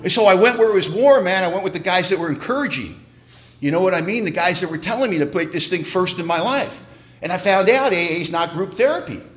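A man's voice: sits high, expressive, fast talker. A man giving a humorous, emphatic personal testimony at a recovery meeting, in a conversational storytelling manner.

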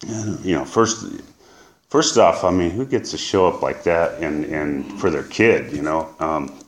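Deep-voiced man telling a raw personal story. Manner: halting, emotional storytelling with many fillers. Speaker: recovery speaker. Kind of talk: personal testimony.

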